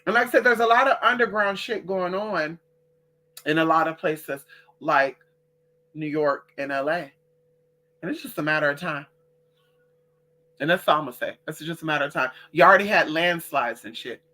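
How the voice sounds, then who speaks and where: Bright-voiced woman ranting on a livestream. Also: lowish voice. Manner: profane, blunt, talks straight to viewers; reads out and answers chat comments. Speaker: livestream host. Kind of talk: casual livestream rant.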